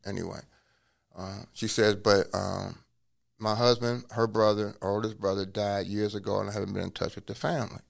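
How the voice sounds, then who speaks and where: A man telling his life story in a relaxed interview, acting out what people said to him. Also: fairly low pitch, normal speed, gravelly. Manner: acts out quoted dialogue in a lively way; casual, drops curse words. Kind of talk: conversational storytelling.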